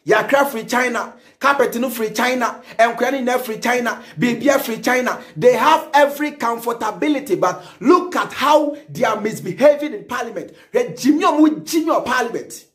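A Ghanaian man hosting a reaction show, giving satirical, ranting commentary in a theatrical, animated way and repeating phrases in a sing-song manner. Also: very high-pitched, moderate pace, hardly any pauses. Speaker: reaction channel host.

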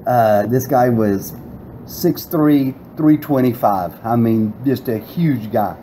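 Middle-aged guest, rambling and laughing, mellow tone. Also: male voice, mid-range voice, slow pace, slight background noise, low-quality recording. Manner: rambling, laughing storyteller with restarts. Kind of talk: casual storytelling.

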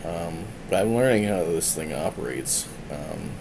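A man's voice: low voice, lively intonation, a little slow, vocal fry, background noise. A man casually chatting on a live stream, rambling and self-deprecating as he mutters to himself while changing settings.

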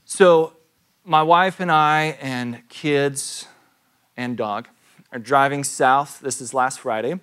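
Casting note: pastor in his thirties, mid-pitched male voice, talks to the congregation like a storyteller. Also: takes it slowly, a bit bright, smooth. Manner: conversational storytelling with rhetorical questions. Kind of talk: sermon. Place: church.

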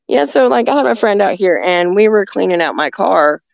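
Rambly woman telling a story, kinda raspy gravelly voice, dull dry recording. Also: medium pitch, expressive, fairly quick, no room sound. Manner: rambling, with restarts and frequent laughs. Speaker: guest recounting encounters. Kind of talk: casual storytelling. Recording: dull lo-fi sound.

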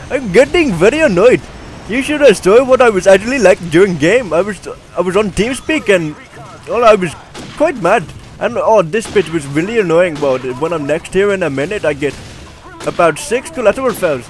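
A man giving casual, rambling commentary over his own gameplay, excitable and swearing often into a desktop mic. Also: high-pitched, moderate pace.

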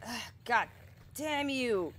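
Woman, gameplay commentary, exasperated outbursts, high bright voice. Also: animated, slow pace, a little hiss or hum. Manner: exasperated, swearing, loud outbursts at the game. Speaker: gameplay streamer.

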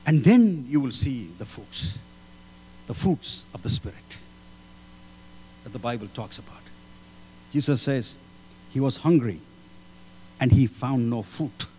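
A man preaching a sermon, swinging between loud pleading passages and low, solemn lines. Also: expressive, unhurried, long pauses. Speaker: pastor. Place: church hall. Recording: hall reverb with mains hum.

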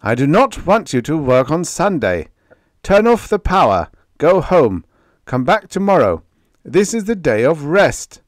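A man's voice: on the high side, sing-song, unhurried, darkish tone, no echo, clean studio sound, voice pushed up. A man voicing an anxious, earnest young man who is the new factory master, hesitant and easily alarmed.

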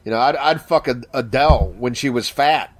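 A man's voice: medium pitch, moderate pace. A man co-hosting a podcast in casual chat, rambling and cracking crude jokes. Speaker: podcast co-host.

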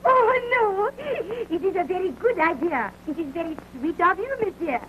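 An actress playing a vain, temperamental young French film star with a French accent, coquettish and given to fiery theatrical outbursts. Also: female voice, very high voice, animated, moderate pace. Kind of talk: 1920s early talkie acting. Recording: dull early film soundtrack, faint hiss.

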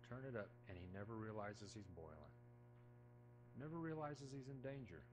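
A middle-aged man preaching a sermon as pastor, talking conversationally with folksy, self-deprecating humor, moving between loud emphasis and hushed asides. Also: on the low side, expressive, moderate pace, music in the background. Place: church sanctuary.

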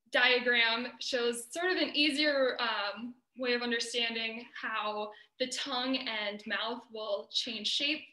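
A young American woman delivers an academic presentation over a video call. Her voice is bright and sits a little high. She explains each point earnestly, and the sound carries a roomy echo. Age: young adult. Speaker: student presenter.

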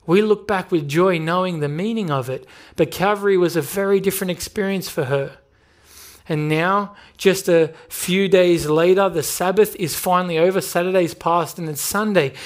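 A man's voice: high voice, normal speed. A man with an Australian accent preaching a sermon and leading prayer in an earnest, emphatic way with repeated phrases. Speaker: pastor.

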